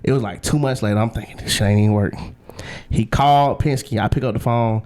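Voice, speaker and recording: A man's voice: lowish voice, brisk. Slangy young man telling his story. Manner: animated, slangy storytelling, voices other people in quotes. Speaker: guest. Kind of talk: casual storytelling interview.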